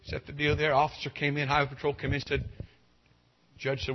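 A man preaching a revival sermon, telling a folksy personal story and building to shouted appeals. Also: medium pitch, completely flat delivery, fairly quick, pauses often, lo-fi sound.

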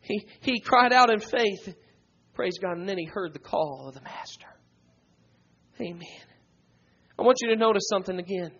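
Fervent high-voiced male preacher. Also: animated, normal speed. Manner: fervent, rising to shouts, many "uh" fillers and "praise God". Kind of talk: sermon. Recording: dull lo-fi recording.

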